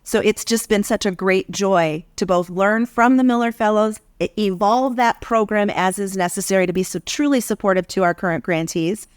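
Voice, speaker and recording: A woman who leads a foundation program, speaking in an earnest, measured, reflective way in a podcast conversation. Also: mid-range voice, no room sound, clean studio sound.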